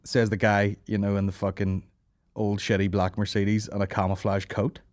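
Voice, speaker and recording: A man's voice: fairly low pitch, completely flat delivery, moderate pace, a little mellow. A man hosting a comedy podcast, reacting to a documentary with sweary jokes. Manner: sweary, joking, slips into mock voices. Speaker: podcast host. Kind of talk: comedic commentary over a documentary.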